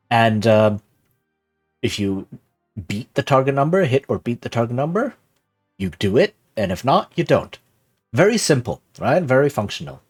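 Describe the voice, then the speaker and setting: A man streaming live, casually explaining something and often asking "right?" as he goes. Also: mid-range voice. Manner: rambling, keeps asking "right?".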